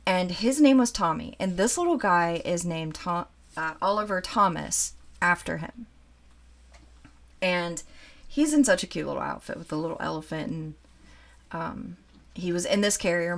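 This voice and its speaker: A woman in her forties who collects dolls, telling a childhood story in a chatty, animated way while showing a doll to the camera. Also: fairly low pitch, measured pace. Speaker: doll collector and channel host. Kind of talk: casual storytime chat.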